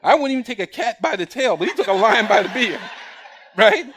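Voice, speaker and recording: A male preacher giving a lively, humorous sermon in church, acting out scenes and calling someone up from the congregation. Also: high-pitched, fairly quick. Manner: animated, jokey, acts out scenes, calls up a boy from the congregation. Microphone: recorded on camera for broadcast.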